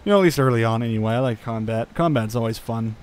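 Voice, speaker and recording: A man's voice: mid-range voice, fast. A young man giving casual gameplay commentary, thinking aloud with lots of fillers and chuckles. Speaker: gaming channel host.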